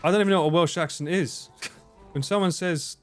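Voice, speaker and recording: A man giving casual gaming stream commentary, swearing, laughing and breaking into sudden loud yelps. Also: on the high side, brisk, soft background music. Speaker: livestreamer.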